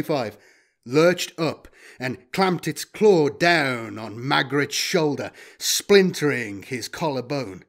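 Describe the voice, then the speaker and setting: Lively male audiobook narrator. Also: medium pitch, slow pace. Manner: expressive, lively delivery. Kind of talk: dramatic story narration.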